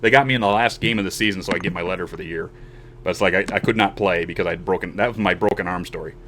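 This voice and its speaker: With a low voice and a very fast delivery, this podcast host, a man in his forties, casually narrates a long personal story. He animates it by acting out the voices of the people in it, and there's slight background noise.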